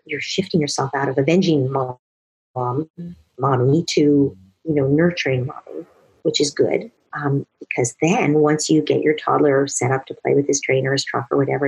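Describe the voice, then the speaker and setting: A woman's voice: a bass voice, steady tone, normal speed, a little mellow, breathy edge, low-quality recording. A middle-aged woman, a parenting expert, earnestly explaining her advice in an interview, using worked-through examples.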